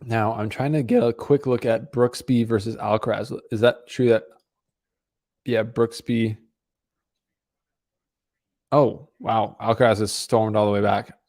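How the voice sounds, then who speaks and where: A man with a lowish, slightly mellow voice keeps his intonation fairly even, speaking at a measured pace with long pauses. He hosts a live tennis watch-along stream, offering casual, rambling match commentary and chatting with viewers.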